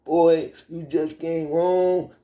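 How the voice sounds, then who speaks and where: A man voicing a worried elderly grandmother who pleads with her grandson, his voice raised high and slowed. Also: little pitch movement, mellow. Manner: pleading, repeating herself.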